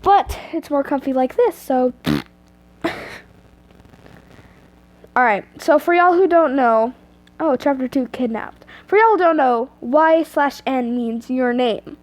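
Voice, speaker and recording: A teenage girl reads fanfiction aloud into an earphone mic at home. Her voice is high, and she keeps breaking off for giggly, self-mocking, chatty asides. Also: lively intonation, slow, pauses often. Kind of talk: reading fanfiction aloud with commentary.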